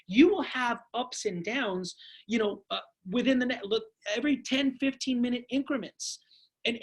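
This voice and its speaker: A man giving an energetic motivational training talk to his sales team, speaking to them as "guys" and telling stories full of quoted dialogue. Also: high voice, slightly rough. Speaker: network marketing team trainer.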